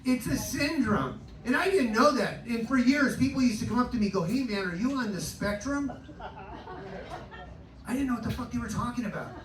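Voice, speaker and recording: Here a man performs stand-up on a live cabaret stage, working the crowd with crude, self-deprecating material. His extremely high voice is animated and quick, with hardly any pauses. The club recording is noisy, roomy and taken from a distance.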